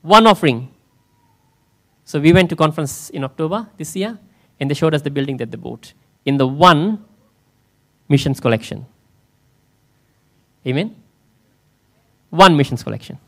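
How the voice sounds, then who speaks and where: A man's voice: on the high side, lively intonation, normal speed, pauses often, a bit bright. A man in the role of pastor, preaching a conversational sermon in church and often asking his listeners questions. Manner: conversational, asks the congregation questions.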